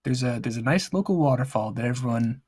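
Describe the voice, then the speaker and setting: A man with a husky, slightly breathy voice chats casually during a break in a tabletop game. He talks haltingly, repeating words and laughing through his sentences. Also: mid-range voice, expressive, darkish tone. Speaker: player.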